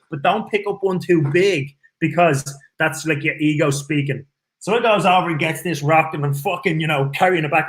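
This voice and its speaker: Guest spot: Irish man, lively swearing storyteller, slightly higher-pitched voice. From Ireland. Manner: swears freely, animated storyteller. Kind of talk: casual storytelling chat.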